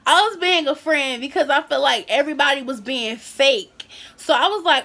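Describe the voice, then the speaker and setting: A young woman vlogger telling a high school story in a casual, animated way, acting out what people said. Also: moderate pace. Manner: animated, acts out quotes.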